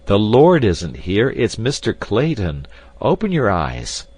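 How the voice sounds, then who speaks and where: A man voicing a young gentleman who calls out urgently in an audiobook. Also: lowish voice, wildly swooping pitch, takes it slowly, voice pushed up, heavily acted. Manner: raised, urgent calling.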